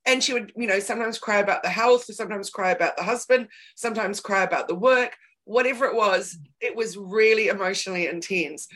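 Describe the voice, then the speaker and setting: A woman's voice: medium pitch, a little fast, hardly any pauses, a bit bright. A woman hosting a casual chat, telling candid stories with emphatic repeated words.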